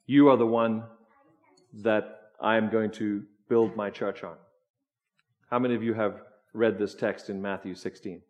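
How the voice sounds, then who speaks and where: A man preaching a sermon, slow and emphatic, asking the congregation questions as he goes. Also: on the low side, steady tone, dull audio. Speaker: pastor.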